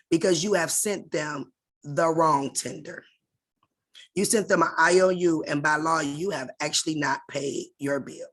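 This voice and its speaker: A woman's voice: deep voice, a bit bright. A woman leading an online class over a video call, in a casual and direct instructional tone that addresses her listeners familiarly.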